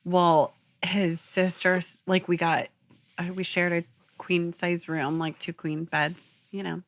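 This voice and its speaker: A woman's voice: on the low side, level tone, slow. A young woman co-hosting a podcast, telling a story in casual chat. She rambles with lots of fillers and laughs as she goes. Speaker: podcast co-host.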